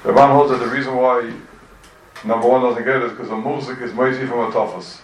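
A man teaching a Talmud class, animated and full of rhetorical questions, recorded from a distance in an echoey room. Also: mid-range voice, fast, slight background noise. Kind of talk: lively Talmud class lecture.

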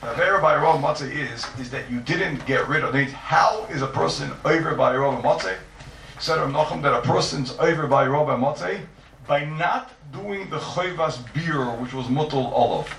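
A man gives an emphatic Talmudic lecture, circling back to stress each point. His slightly high voice carries from a distance through an echoey room. A faint ambient hum sits underneath. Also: moderate pace, vocal fry, fairly bright tone. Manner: emphatic, repeats points, rhetorical questions. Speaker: Torah teacher.

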